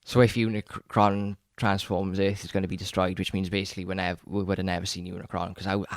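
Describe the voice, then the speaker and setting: A man's voice: low voice, level tone, fast talker, no echo, clean studio sound. A man co-hosting a podcast, chatting casually and enthusiastically about films, often restarting his sentences. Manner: rambling, enthusiastic, frequent restarts and stammers. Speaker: podcast co-host.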